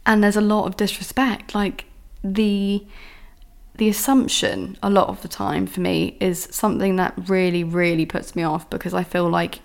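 A woman's voice: medium pitch, level tone, normal speed, vocal fry. A young woman hosting her own podcast, ranting casually about dating and swearing often. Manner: exasperated, swears often, mimics men's voices. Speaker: podcast host. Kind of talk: casual solo podcast rant.

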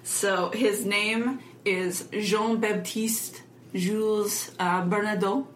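A young woman co-hosting a casual podcast, giggling as she rambles through a story full of "like"s. Her voice sits at a middle pitch. The room around her is echoey, with a faint hiss underneath. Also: fairly even intonation, slow. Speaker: podcast co-host. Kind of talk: casual chat.

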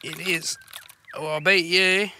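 Foul-mouthed Australian man with a bright, sharp voice. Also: high-pitched, steady tone, slow pace, slight background noise. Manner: blunt, swears constantly, rambling storyteller. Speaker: fishing podcast host. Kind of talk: casual banter while fishing. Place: outdoors on a boat on a river. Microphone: portable recording equipment on the boat.

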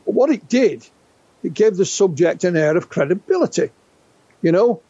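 A man in his sixties, guest on an interview, recounts witness stories in a lively, halting way, repeating words as he restarts. His voice sits high for a man. The sound is dull and lo-fi, very dry with no room around it. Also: breathy edge, dry recording. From England. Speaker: guest UFO researcher. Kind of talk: conversational storytelling interview.

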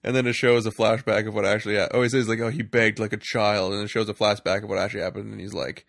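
A man's voice: on the low side, fairly even intonation, very fast, gravelly, no echo, clean studio sound. A man co-hosting a podcast, casually recapping a movie with jokes, swearing and silly acted-out lines. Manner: jokey, acts out scenes in silly voices, swears freely. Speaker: podcast co-host.

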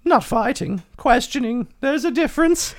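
A high, lively female voice belongs to a preachy, tech-wary journalist, as a man puts her on. She lectures earnestly about ethics, with pitch swooping up and down. It is a comedic table-read performance. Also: normal speed.

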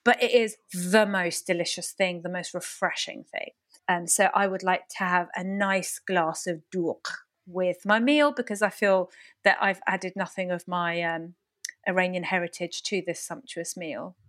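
A woman chatting on a podcast over a video call, telling stories in an animated, teasing way. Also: fairly low pitch, measured pace. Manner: animated storyteller, playful and teasing. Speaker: podcast guest. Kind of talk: casual chat.

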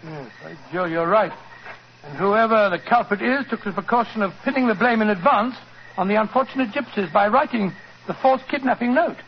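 An actor playing a blustering, loyal Victorian doctor in a 1940s radio drama, often flustered and stammering. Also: male voice, sits high, brisk. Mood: puzzled. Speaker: doctor and narrator. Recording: dull, faintly hissy 1940s radio broadcast.

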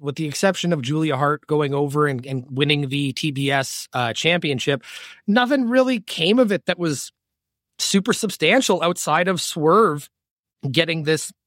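Relaxed male podcast host, slightly high voice, dry close-mic sound, moves the chat along. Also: dry recording. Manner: relaxed, steers the talk, fills pauses with "uh" and "um". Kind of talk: casual wrestling podcast chat.

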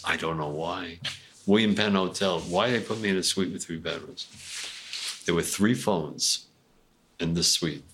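An older male actor telling casual anecdotes in a rambling, animated way, full of restarts. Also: low voice, vocal fry. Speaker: actor guest.

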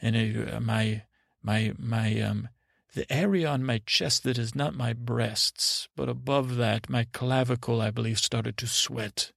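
A man hosting a podcast, telling a meandering bedtime story in a halting, self-correcting way. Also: medium pitch, fairly even intonation, vocal fry, fairly bright tone, no echo, clean studio sound.

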